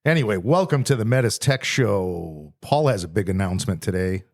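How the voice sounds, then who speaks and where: A man's voice: fairly low pitch, lively intonation, a little fast. A man hosting a technical podcast who jokes casually and then explains equipment step by step. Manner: jokey, explanatory. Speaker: podcast host, trainer.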